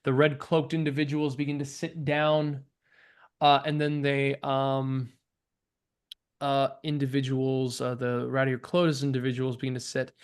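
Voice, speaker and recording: A man narrating as game master of a tabletop game, halting and full of fillers. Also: medium pitch, flat delivery, clean tone. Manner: halting, many fillers and restarts.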